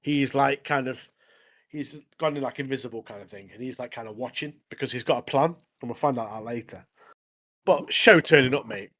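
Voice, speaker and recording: A man co-hosting a podcast, recapping episodes in casual, animated chat. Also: mid-range voice, a little fast. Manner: animated recapping, frequent "mate". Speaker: podcast co-host.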